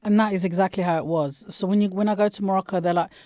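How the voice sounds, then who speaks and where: A woman talks in a blunt, sweary, animated way as a guest on a podcast. Her voice sits close and dry on the mic, with no room sound around it. She tells her stories plainly and punchily. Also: medium pitch, very fast, no room sound. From London, England. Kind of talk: casual chat.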